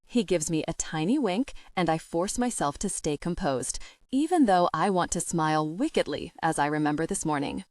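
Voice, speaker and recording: A woman giving chatty, expressive first-person narration of a comedy audiobook on a close studio mic. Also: sits low, normal speed, no echo.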